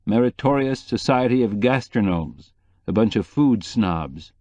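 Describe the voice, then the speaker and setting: A man voicing a middle-aged male journalist in an audiobook, speaking low and confidingly. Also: lively intonation, unhurried, darkish tone, no echo.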